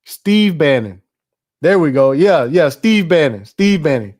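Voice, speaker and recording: Male political commentary host, casual and profane, quick to laugh, a touch high-pitched. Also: big pitch swings, a little mellow. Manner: loose, profane, laughing, reacting to on-screen ads.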